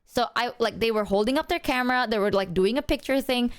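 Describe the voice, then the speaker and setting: A young woman streamer telling a story to her chat in a casual, animated way, full of "like" and the odd swear word. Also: a little high, fast talker, clear, resonant tone, no echo, studio quality. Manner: animated, chatty, heavy filler "like", swears.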